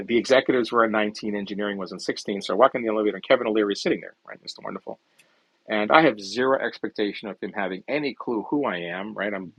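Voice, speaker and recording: A middle-aged man with a low, gravelly, husky voice tells career stories in a loose, rambling chat. He stops and restarts often and leans on fillers, and the recording sounds dry and close. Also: a bit bright, no echo, rough recording. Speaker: startup founder guest. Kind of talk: casual storytelling in an audio chat room.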